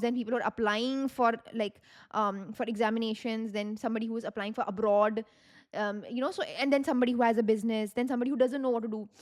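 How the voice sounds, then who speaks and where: Young woman, Indian English accent, slightly high voice. Chatty tarot-reader host who rambles and repeats herself. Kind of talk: casual talk to camera.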